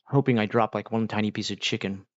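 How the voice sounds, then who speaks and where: A lowish-voiced man rambles easily through a casual livestream chat, full of fillers. The sound is dry and a bit dull. He sounds unhurried and at ease. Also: no room sound. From United States. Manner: rambling, relaxed, many fillers. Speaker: livestream host.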